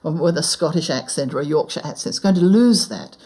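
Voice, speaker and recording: A woman's voice: deep voice, lively intonation, brisk, darkish tone, slightly rough, low-quality recording. Thoughtful New Zealand woman explaining. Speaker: language expert. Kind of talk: interview explanation.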